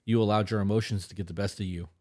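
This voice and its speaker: A man's voice: on the low side, fairly even intonation, rapid-fire, warm tone. A man co-hosting an advice podcast, talking bluntly and swearing freely in casual chat. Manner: blunt, profane, emphatic. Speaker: podcast co-host.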